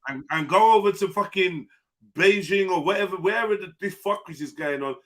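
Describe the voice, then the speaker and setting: A man hosts a casual live-stream panel, animated and incredulous, ribbing people with street slang. His voice sits high for a man and has a bright, forceful edge. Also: fairly quick. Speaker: live panel show host.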